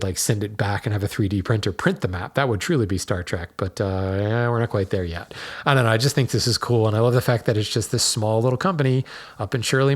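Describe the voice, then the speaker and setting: A man hosting a solo podcast, talking casually and explaining things with plenty of ums and self-corrections. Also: fairly low pitch. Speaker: podcast host.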